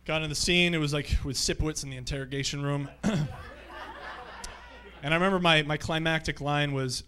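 A male stand-up comedian working a live theatre crowd with loose, profane anecdotes. His voice sits a little high and cuts through with a bright, forceful edge. He drifts from story to story in an easy, offhand way. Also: steady tone, fairly quick. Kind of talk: stand-up set. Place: comedy theatre stage before a live audience.

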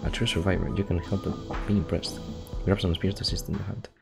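Deep-voiced young man reading stumblingly. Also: steady tone, quick pace, vocal fry, over music. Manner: stumbles and restarts while reading, laughs and swears often. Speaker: gamer reading game text aloud. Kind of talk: casual gameplay commentary, reading text aloud.

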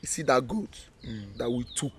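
An actor with a Nigerian accent playing a scheming young goat thief, excited and bantering in pidgin. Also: male voice, medium pitch, moderate pace, slight background noise, natural voice. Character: scheming young man plotting over stolen goat.

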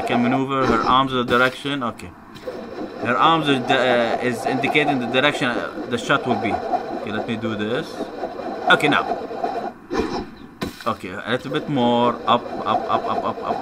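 A man's voice: medium pitch, animated, normal speed, long pauses, background noise. A man commentating a video game playthrough, given to frustrated outbursts and swearing. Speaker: gamer. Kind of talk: let's play commentary.

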